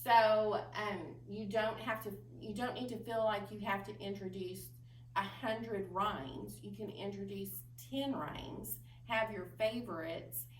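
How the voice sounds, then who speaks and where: A woman's voice: medium pitch, roomy sound. Female children's librarian, patient and explanatory, ums here and there; distant mic, faint background noise. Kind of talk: instructional talk to parents. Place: library room.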